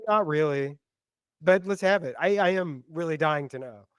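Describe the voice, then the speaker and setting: Wisecracking man with a higher voice. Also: normal speed, smooth, no room sound, clean studio sound. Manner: joking, deadpan quips. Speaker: podcast co-host. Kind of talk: casual podcast chat.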